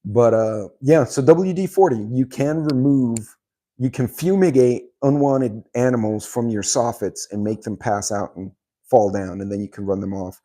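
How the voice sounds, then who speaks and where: A man's voice: medium pitch, moderate pace, mellow. A middle-aged man hosting his channel, casually reading viewer comments and telling a rambling story, with many ums and frequent laughs. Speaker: channel host.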